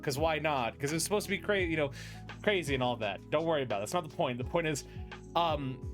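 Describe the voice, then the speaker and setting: Rambling, higher-voiced male podcast host. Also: animated, fast talker, fairly bright tone, soft background music. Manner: rambling storyteller, many restarts and fillers. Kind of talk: casual chat.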